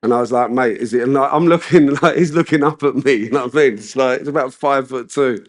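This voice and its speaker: A British man speaking at a recovery meeting in a loose, chatty storytelling way. His voice sits at an ordinary middle pitch, and he fills his talk with slang and asides to the room. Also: quick pace. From United Kingdom. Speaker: main speaker at a recovery convention. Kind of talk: personal recovery share.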